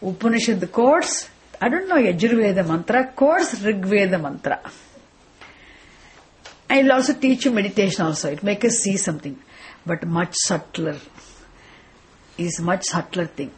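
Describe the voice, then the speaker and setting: Breathy woman teaching a scripture class. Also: medium pitch, expressive, normal speed, long pauses. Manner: repetitive, questioning, restarts phrases. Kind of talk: classroom lecture.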